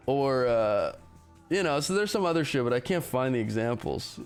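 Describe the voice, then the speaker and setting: A man's voice: mid-range voice, lively intonation, normal speed, clear, resonant tone, faint music behind. A man livestreaming, ranting casually with heavy profanity and a rambling delivery. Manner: profane, rambling, laughs mid-sentence. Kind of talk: casual ranting stream chat.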